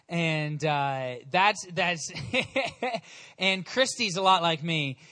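Young male preacher, high bright voice, energetic conversational sermon delivery. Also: very slow. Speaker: pastor.

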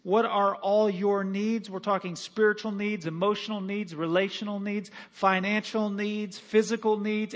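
Male pastor, high-pitched, emphatic sermon delivery with call-and-response. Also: steady tone, a little slow, few pauses, a bit bright. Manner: emphatic, repeats phrases, calls for congregation responses.

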